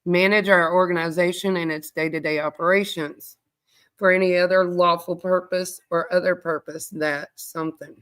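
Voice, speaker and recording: A woman hosting a livestream, reading a privacy policy aloud quickly, with sassy asides to viewers. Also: on the low side, steady tone, fairly bright tone, clean tone. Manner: reads quickly, breaks off to chat with viewers. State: out of breath. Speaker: true crime livestream host.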